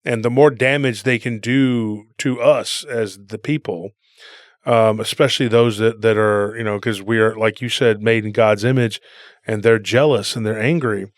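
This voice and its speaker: A man's voice: fairly low pitch, steady tone, moderate pace, dry recording, studio quality. A man co-hosting a podcast, telling rambling stories in a casual conversational way and often calling people "dude.". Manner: rambling storyteller, says "dude". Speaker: podcast co-host.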